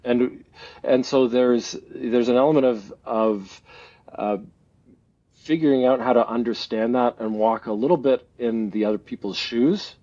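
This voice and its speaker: A man's voice: medium pitch, measured pace, warm tone. A Canadian man in his forties, a guest speaking reflectively in a casual interview, often laughing and restarting his thoughts. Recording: slightly dull lo-fi audio.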